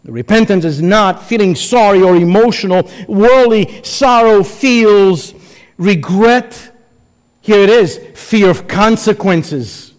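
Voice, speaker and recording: A man preaching a sermon as pastor, emphatic, with dramatic pauses and acted-out quotes. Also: high voice. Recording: long hall reverb.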